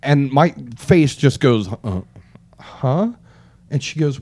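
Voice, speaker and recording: A man's voice: mid-range voice, lively intonation, slow pace, a little mellow. A man telling a long story in casual chat, swearing often and acting out what people said to him, growing exasperated. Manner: profane, exasperated, acts out quotes.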